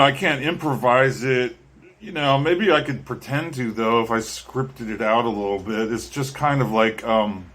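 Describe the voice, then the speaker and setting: A man chats casually to his viewers, drifting from thought to thought. He hesitates often, filling gaps with ums and restarting his sentences. His pitch sits at an ordinary middle for a man. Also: fairly bright tone. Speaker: vlogger and musician. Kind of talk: casual talk to camera.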